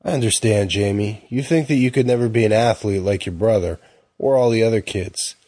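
A man doing a smooth, pushy salesman. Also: lowish voice, fairly quick, mellow, no echo, lightly acted. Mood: persuasive. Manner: falsely friendly, persuasive.

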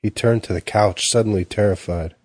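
A man narrates an audiobook in a steady, measured delivery. His voice is low and slightly husky, and the recording is close and dry with no room. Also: no echo.

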